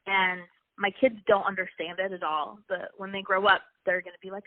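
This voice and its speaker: A young woman, the wife of a wrestling coach, appears as an interview guest and tells personal stories casually, chatty and emotional with frequent restarts. Her mid-range voice holds a level tone at a fairly quick pace. The recording is dry, over a tinny, phone-like line.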